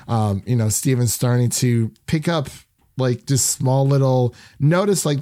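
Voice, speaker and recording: A man's voice: medium pitch, mellow, no echo, studio quality. A young man hosting a casual review podcast, rambling with lots of fillers. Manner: rambling, heavy use of fillers like "um" and "you know". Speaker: podcast host.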